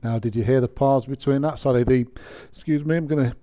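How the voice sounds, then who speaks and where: Chatty man with a mellow voice. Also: medium pitch, steady tone, quick pace. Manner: chatty and rambling, with self-deprecating jokes. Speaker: gaming channel host. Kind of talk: software tutorial narration.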